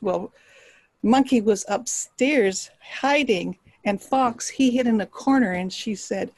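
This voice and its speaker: A woman storyteller telling a folktale aloud, expressive and dropping to hushed tones for suspense. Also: on the high side, a little slow, no echo, rough recording. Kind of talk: live oral storytelling.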